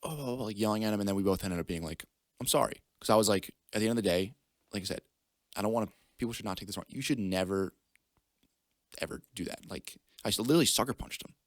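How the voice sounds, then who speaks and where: A man's voice: lowish voice, quick pace, no echo, clean studio sound. A young man telling a story casually on a podcast, acting out the people he quotes in raised voices. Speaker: podcast guest.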